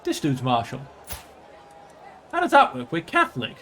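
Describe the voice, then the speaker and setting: A man hosts a let's play of a strategy game, commenting on it and slipping into theatrical, mock-archaic speech as his ruler. His medium-pitched voice swoops wildly, sounds pushed and bright, and moves at a moderate pace. A faint crowd and a little hiss or hum sit in the background.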